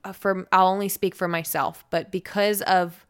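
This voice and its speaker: A young woman chatting on a podcast, spinning a long story and slipping into the voices of the people she quotes. Her pitch sits in an ordinary middle range. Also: flat delivery, normal speed, smooth. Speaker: podcast guest, radio personality. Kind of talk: casual podcast chat.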